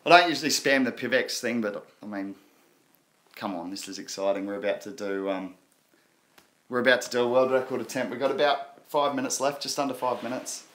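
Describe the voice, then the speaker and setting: This Australian man in his thirties runs a relaxed crypto live stream, talking loosely with his viewers. He speaks briskly at medium pitch with a slightly bright tone, keeping it laid-back and slangy, laughing often.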